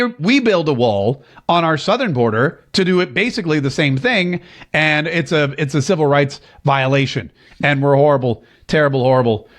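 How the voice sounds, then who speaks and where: A man hosts a call-in political commentary show, riffing in a loose, sarcastic way. His voice sits a touch high, and his speech is full of fillers and false starts. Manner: rambling, sarcastic, lots of filler words and restarts. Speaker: political talk show host.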